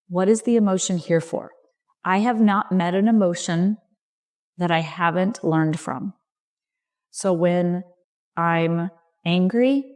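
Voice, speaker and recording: Middle-aged woman, lowish voice, soft reassuring podcast coach, slow short phrases. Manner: gentle, reassuring, speaks slowly in short phrases. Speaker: leadership coach and podcast host. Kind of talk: reflective solo podcast talk.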